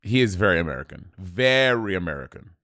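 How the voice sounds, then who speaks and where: A man's voice: deep voice, fairly quick, no echo, studio quality. A man from Saint Lucia co-hosting a podcast, telling stories in casual chat and laughing easily. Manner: laughs easily, relaxed storytelling. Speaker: podcast co-host.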